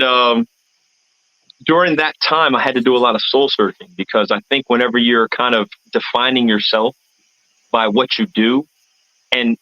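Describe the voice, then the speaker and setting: A man's voice: medium pitch, dry recording, lo-fi sound. A man from the United States, an artist and event MC, telling his story as a guest in an earnest, rambling, reflective way. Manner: rambling, earnest, searching for words.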